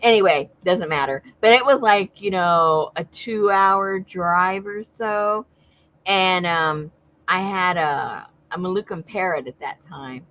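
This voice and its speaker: Taking it slowly, a Southern California woman with a lowish, fairly bright voice chats casually on a livestream. She tells stories and laughs often, and the recording sounds dull and lo-fi.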